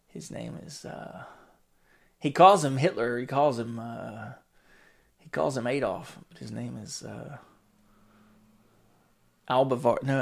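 A man with a mid-range, husky voice and vocal fry hosts a solo podcast. His casual monologue rambles from tangent to tangent, full of swearing and frequent chuckles.

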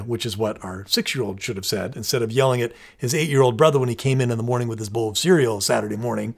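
A man's voice: medium pitch, quick pace, vocal fry, hardly any pauses. Middle-aged male co-host, earnest and chatty, explains in steps. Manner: earnest, explains step by step with many restarts. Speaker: parenting podcast co-host. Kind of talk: casual conversational explaining.

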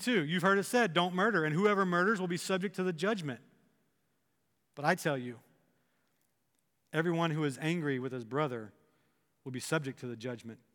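A male pastor delivers a sermon, animated and slipping into the imagined voices of his listeners. His voice sits high for a man. The sound carries a long reverb, as from a large hall.

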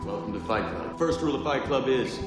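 A man's voice: medium pitch, lively intonation, quick pace, over loud music, natural voice. An actor playing an intense male ringleader who declaims rules to a crowd, rising and emphatic, in film dialogue. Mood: commanding. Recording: echoey hall from film audio. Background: film score.

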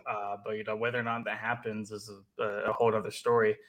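A man co-hosting a sports podcast, talking in a relaxed, hesitant way with many fillers. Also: lowish voice, fast, poor audio. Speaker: podcast co-host. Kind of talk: casual sports chat.

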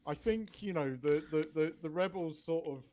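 A man co-hosting a casual pop culture podcast, talking in a halting way with many restarts. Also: fairly high pitch, dark tone. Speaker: podcast co-host. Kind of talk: casual chat.

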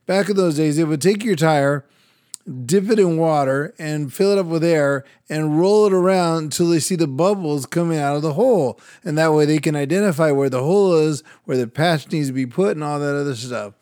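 Animated older man telling a story. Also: on the high side, brisk, dry recording, clean studio sound. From Latin American heritage, United States. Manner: animated storyteller, acts out voices, laughs often. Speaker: radio and podcast host. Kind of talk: casual storytelling chat.

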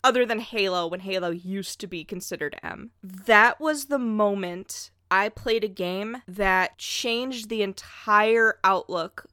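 A woman in her thirties in a casual chat, telling an animated story and acting out quotes with laughs. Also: medium pitch, slow pace, few pauses, dry recording, studio quality.

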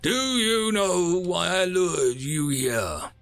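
Vengeful armored soldier, snarling and menacing, voiced by a male storyteller; slow, gravelly menace. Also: high voice, sing-song, fairly bright tone, soft background music, pitched above the performer's own voice, exaggerated voice. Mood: cold.

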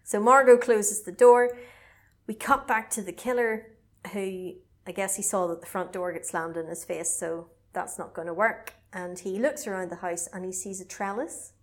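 A woman co-hosting a casual podcast, retelling a film in a chatty, animated way. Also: mid-range voice, moderate pace. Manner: chatty, animated storytelling with laughs. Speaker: podcast co-host recapping a film. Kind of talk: casual chat.

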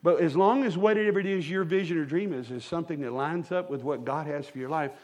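A man preaching a sermon to a live congregation, a humorous storyteller who turns to the crowd with quick asides. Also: a little high, a little mellow. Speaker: pastor. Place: church sanctuary with a live congregation.

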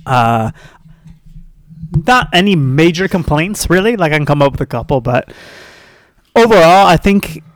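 A man's voice: on the high side, lively intonation, unhurried, pauses often, dry recording, clean studio sound. A young man co-hosting a casual movie review chat, laid-back and laughing often. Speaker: podcast co-host.

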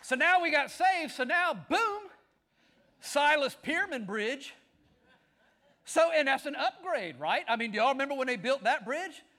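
A preacher with a drawl and a strikingly high voice, delivering a sermon to his congregation. He tells stories with rising energy, climbing into excited shouts at the peaks before settling back down. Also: measured pace, some chatter behind. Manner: animated storytelling, shouting at climaxes. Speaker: pastor.

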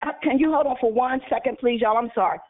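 A woman's voice: on the high side, slight background noise. Woman hosting a prayer call by phone. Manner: warm, quick to bless callers. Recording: phone line.

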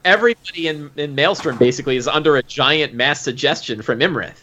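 A man who runs a tabletop game, recapping a session in casual, animated chat with lots of fillers. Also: fairly high pitch, fast talker. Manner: animated, full of fillers and acted quotes. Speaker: game master. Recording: dull lo-fi recording.

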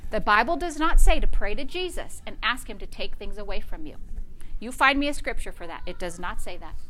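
A woman's voice: mid-range voice, animated, brisk, sharp tone, slight background noise. A woman pastor preaching a fervent sermon in a church, rallying her listeners. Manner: fervent preaching with call-and-response interjections.

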